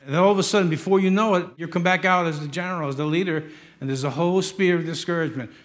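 A man's voice: a little high, very fast. A man preaching a sermon, emphatic and joking, acting out the stories he tells.

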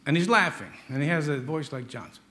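A man's voice: a little high, lively intonation, brisk, pushed and bright. A man preaching a sermon, emphatic and joking, acting out the stories he tells.

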